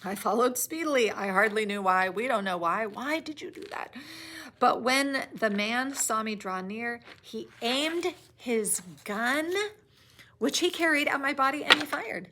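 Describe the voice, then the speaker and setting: Woman teacher, book chapter recap, conversational asides, fairly high voice. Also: unhurried, pushed and bright, a little hiss or hum.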